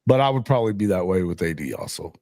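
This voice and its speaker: A man's voice: sits low, lively intonation, quick pace, a little mellow, slight background noise. A middle-aged man hosting a casual sports podcast, telling stories animatedly and laughing often while chatting remotely. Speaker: podcast host, sports writer. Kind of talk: casual chat. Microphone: remote call mic.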